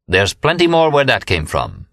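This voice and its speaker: A man's voice: fairly low pitch, huge pitch swings, normal speed, vocal fry, a bit bright, dry recording, studio quality, full character voice. A man voicing a boisterous male sailor who exclaims and mocks in a raised voice. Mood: mock-polite. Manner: exclaiming, mocking. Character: brash boisterous male sailor, loud joker.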